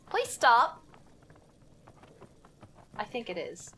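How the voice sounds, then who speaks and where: A high, bright voice from a young woman streamer who narrates her horror game to herself. Her pitch leaps all over the place as she gets jumpy, swears and giggles through the scares. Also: very animated, measured pace. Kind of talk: live gaming commentary.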